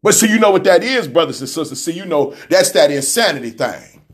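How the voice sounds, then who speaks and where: Man, radio host, high voice, fiery preacherly rant, repetitive and shouty. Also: big pitch swings, fairly quick, slightly rough.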